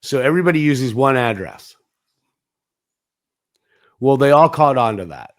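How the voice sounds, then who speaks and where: A man appears as a guest in a casual interview, representing a 5G business internet provider. His mid-range voice is very animated and unhurried as he rambles through anecdotes and acts out quoted dialogue, with frequent restarts and fillers. He coughs at times.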